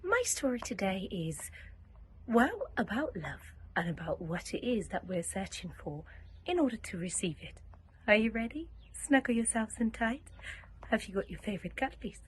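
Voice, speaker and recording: A woman reading a bedtime story aloud in a soft, hushed, soothing way, slipping into whispers. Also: medium pitch, very animated, normal speed, a little hiss or hum.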